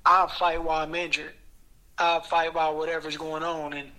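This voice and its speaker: Bright-voiced laid-back male boxer. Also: a little high, little pitch movement, normal speed, low-quality recording. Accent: Indianapolis, US. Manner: laid-back, repeats "you know what I'm saying". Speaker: professional boxer guest. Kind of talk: casual interview.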